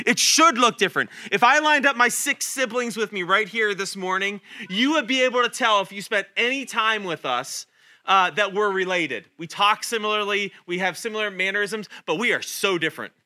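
A man in his thirties preaching a sermon in a church, animated and self-deprecating, showing points with his hands. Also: sits high, moderate pace. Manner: animated, self-deprecating, talks with hand demonstrations. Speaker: guest preacher. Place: church sanctuary.

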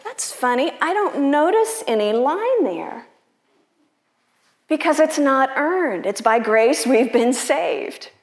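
Slow, unhurried woman pastor preaching. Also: sits high, lively intonation, reverberant. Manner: unhurried, conversational, personal. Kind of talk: sermon.

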